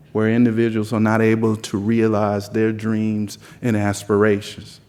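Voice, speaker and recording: A low-pitched man with a softened Southern drawl delivers a rousing opening speech at a lectern. He stacks his points into repetitive, building lists. His voice rings out with the long reverb of a big conference hall. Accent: mild Southern US drawl. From South Carolina. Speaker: conference speaker giving opening remarks. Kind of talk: impassioned keynote speech.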